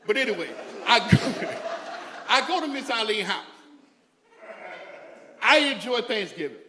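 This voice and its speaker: High-voiced man doing stand-up in an echoey hall. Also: expressive, measured pace, noisy background. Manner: loose, conversational storytelling with crowd asides. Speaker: stand-up comedian. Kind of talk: stand-up comedy set. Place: comedy stage in a hall. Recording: echoey hall with long reverb.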